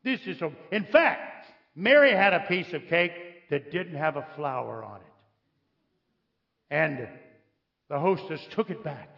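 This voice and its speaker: A raised, gravelly man preaches to a congregation, swinging between jokes and pointed questions as he tells his stories. The recording is dull and lo-fi. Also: on the high side, expressive, unhurried, pauses often. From United States. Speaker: visiting preacher. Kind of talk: sermon.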